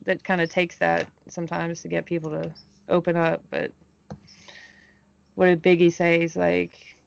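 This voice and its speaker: A woman's voice: lowish voice, monotone, a little slow, gravelly, pauses often, dull audio. A woman hosting a podcast in casual chat, talkative and full of "like" fillers, laughing often. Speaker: podcast host.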